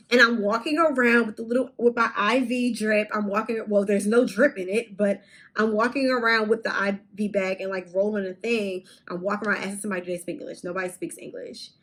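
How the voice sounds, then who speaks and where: Young woman, storytime vlog, animated, candid, casual swearing, middle pitch. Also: poor audio. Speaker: vlogger.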